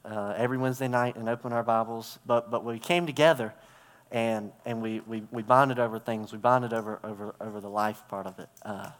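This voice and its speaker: A man's voice: lowish voice, fairly even intonation, a little fast. Man preaching in a reverberant hall. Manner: conversational, storytelling with props and gestures. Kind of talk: sermon.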